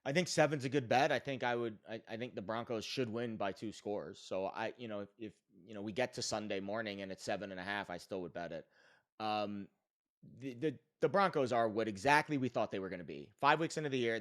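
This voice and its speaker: A man's voice: fairly low pitch, brisk, fairly bright tone. A man co-hosting a sports betting podcast, giving emphatic, opinionated analysis in a casual chat with frequent fillers.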